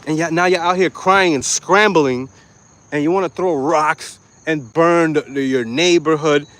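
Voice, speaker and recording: A man ranting to camera in a profane, mocking vlog, angry and loud. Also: on the high side, a little slow, no echo. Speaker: vlogger. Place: lives in Florida.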